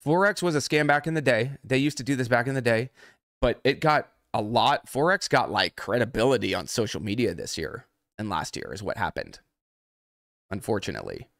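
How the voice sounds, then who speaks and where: A man's voice: medium pitch, expressive, brisk, gravelly, fairly bright tone, dry recording, clean studio sound. A man working as a trading mentor, ranting angrily and swearing heavily on a livestream. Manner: angry, heavily profane. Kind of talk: livestream rant.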